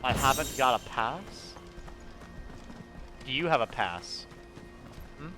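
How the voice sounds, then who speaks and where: A man's voice: medium pitch, lively intonation, over music. A young man casually commenting on a game as he plays, rambling, swearing freely and laughing often. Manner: profane, rambling, quick to laugh. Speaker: gamer playing through a game.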